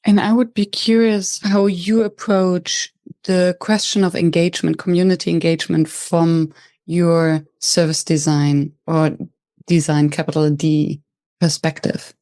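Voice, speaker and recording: A woman's voice: fairly low pitch, flat delivery, warm tone. A woman podcast host who sums up her guest's points and asks probing questions. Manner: summarizing and probing, measured. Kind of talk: interview.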